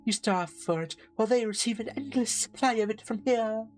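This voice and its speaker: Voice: medium pitch, brisk, faint music behind, pitched above the performer's own voice, natural voice. A streamer reading a lonely, jealous partner's lines with bitter sarcasm while playing a narrative game. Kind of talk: voicing a game character.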